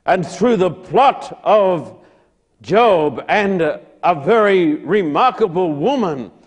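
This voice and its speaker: A man preaching a sermon, retelling a Bible story dramatically, dropping to a hush and then rising loud again. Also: sits high, animated, slow pace, husky.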